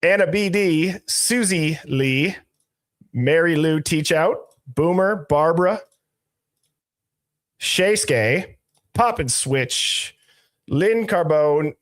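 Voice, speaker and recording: A man's voice: fairly high pitch, expressive, drawn-out words, long pauses. Casual man hosting a live stream. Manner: greets viewers by reading chat usernames aloud; loose, conversational, jokey asides. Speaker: livestream host.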